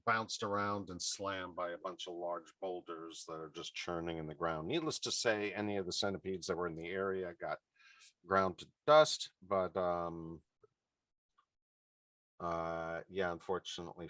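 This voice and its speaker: Deep-voiced man running a tabletop game. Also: fairly even intonation, normal speed, fairly bright tone, dry recording, distant mic. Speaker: game master.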